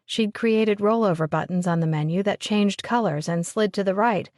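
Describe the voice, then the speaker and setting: A woman narrates a romance audiobook in a steady, even storytelling voice. Her pitch sits in the middle, and the recording is close and dry. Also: normal speed, dry recording. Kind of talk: scripted narration.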